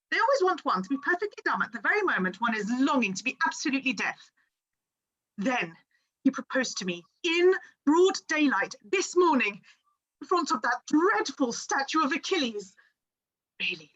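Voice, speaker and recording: Bright, lively actress as a flighty society girl; high, bouncing delivery, dull lo-fi stage recording. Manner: arch, playful, theatrical comic delivery. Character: flighty young society woman Mabel, witty and vain. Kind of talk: stage play performance.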